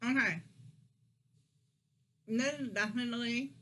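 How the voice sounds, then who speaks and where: A woman's voice: on the high side, unhurried, fairly bright tone. A woman hosting a casual food taste-test vlog, chatting and humming to herself as she chews and reacts. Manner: chatty, muses aloud while chewing, frequent hums and laughs. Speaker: vlogger.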